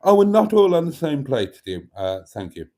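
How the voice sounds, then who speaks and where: A man's voice: on the high side, very animated, normal speed, dark tone. A man hosting a casual livestream, reading viewer comments aloud in a chatty, playful way and repeating items back to callers. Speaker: livestream host.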